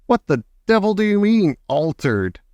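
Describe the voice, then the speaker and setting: A man reading aloud and voicing an angry, blustering father who shouts. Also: medium pitch, moderate pace, clean tone, no echo, muffled recording, close to an everyday voice.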